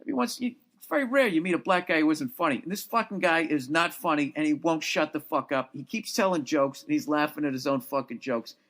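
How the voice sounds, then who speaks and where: A man's voice: fairly high pitch, animated, fast, hardly any pauses, fairly bright tone. A man hosting his podcast, telling a long profane story in a rambling, exasperated way, tired and worn out. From United States. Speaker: podcast host. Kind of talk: casual storytelling monologue. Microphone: podcast mic at a laptop.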